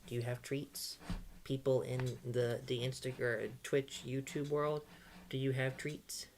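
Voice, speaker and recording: An excitable old female dog pleads and wheedles for treats, as a man puts her on during a livestream. Her voice stays soft and cajoling, pitched a little above his own. A faint hiss sits under the recording. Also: unhurried, close to an everyday voice. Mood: begging.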